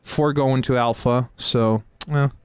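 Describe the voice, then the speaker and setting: A man hosting a live game stream who chats away as he plays, full of fillers and quick laughs. His voice sits at an average pitch. The sound is dry and close to the mic. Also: steady tone, smooth, no room sound. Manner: chatty, with many fillers and laughs. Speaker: host and game narrator. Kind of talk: casual chat while playing a game live.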